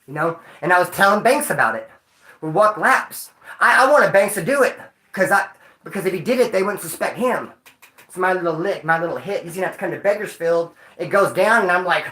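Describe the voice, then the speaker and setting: A man casually telling prison stories in a slangy, profane, animated way. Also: sits high, quick pace, echoey room. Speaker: storyteller recounting prison life. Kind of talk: casual storytelling monologue.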